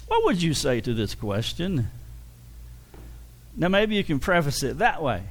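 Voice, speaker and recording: A man's voice: on the high side, very animated, measured pace, pauses often. A middle-aged man preaching a sermon with humor, often acting out quoted dialogue. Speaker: pastor.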